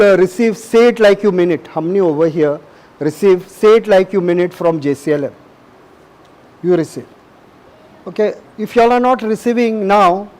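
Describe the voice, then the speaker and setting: Middle-aged male preacher, high-pitched, emphatic and repetitive sermon delivery. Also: darkish tone, poor audio. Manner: emphatic, repetitive, asks the audience questions.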